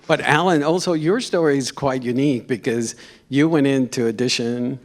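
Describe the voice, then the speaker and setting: A man runs an on-stage Q&A with an ordinary mid-range voice. He stops and restarts his questions as he feels his way through them. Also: medium pitch. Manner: halting, restarts questions often. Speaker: moderator. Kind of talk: on-stage Q&A interviewing.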